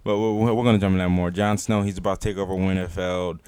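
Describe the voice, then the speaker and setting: A man with a very low voice hosts a casual podcast chat. He sounds relaxed and laughs easily, and the recording is dry and close. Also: quick pace, smooth, no echo. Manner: relaxed, steers the talk between topics, laughs often. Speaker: podcast host.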